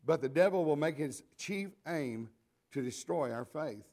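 An older man preaching a sermon, slightly high in pitch. He talks in a folksy, conversational way, wandering into asides and restarting his sentences as he goes. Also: lively intonation, measured pace, dark tone.

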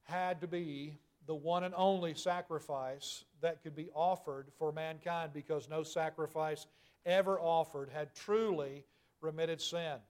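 A man preaching a sermon, reading scripture aloud and explaining it earnestly, growing louder and higher at emphatic moments. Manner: rises in pitch and volume at emphatic points.

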